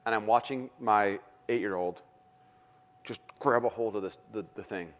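A man in his thirties preaching a sermon as a pastor, telling a family story in a lively way and laughing often. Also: on the low side, normal speed.

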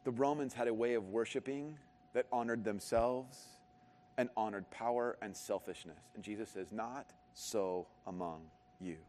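A pastor giving a conversational sermon with joking asides. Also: male voice, medium pitch, moderate pace, a little mellow, slight background noise. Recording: long hall reverb.

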